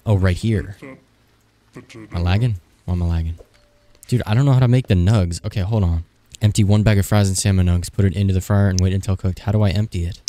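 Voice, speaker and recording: A man's voice: low-pitched, fairly quick, dark tone. A young man in his twenties doing casual, frantic gameplay commentary, swearing and joking to himself as he plays. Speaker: gaming streamer.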